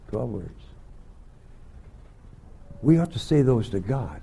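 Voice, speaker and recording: Gravelly older man preaching to youth. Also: on the high side, big pitch swings, moderate pace, pauses often, dark tone. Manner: folksy storytelling with frequent throat clearing. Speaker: Bible school teacher. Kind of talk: sermon to young students.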